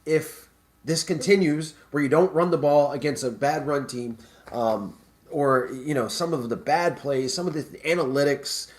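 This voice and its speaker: A man's voice: fairly high pitch, normal speed. A man hosting a live sports talk stream, rambling and stammering through restarts in casual chat. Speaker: live show host.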